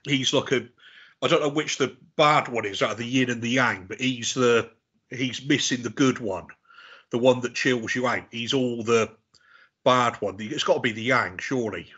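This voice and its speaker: A man's voice: mid-range voice, normal speed, bright, forceful tone, slightly rough, lo-fi sound. A man in his forties telling rambling, sweary stories in a casual podcast chat. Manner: rambling, sweary storytelling with restarts. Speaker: podcast guest.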